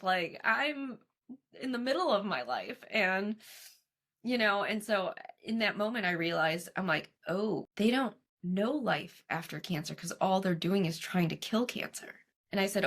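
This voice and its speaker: On an interview show, a young adult woman who survived cancer and now works as a coach tells her story. Her medium-pitched, slightly bright voice is animated yet unhurried, and she laughs often while playfully acting out what others said.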